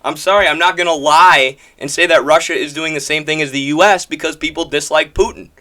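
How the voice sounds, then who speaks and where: A man's voice: fairly high pitch, fairly even intonation, a little fast, sharp tone. A man from the American Midwest giving emphatic, combative political commentary, hammering his points through repetition.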